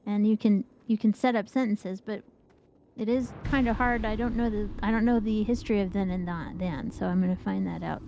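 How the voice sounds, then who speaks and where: A woman's voice: medium pitch, fairly even intonation, normal speed, creaky, warm tone, slight background noise. A woman chatting casually during a group game session, explaining things at length and laughing often. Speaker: gaming group member. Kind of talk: casual chat while gaming.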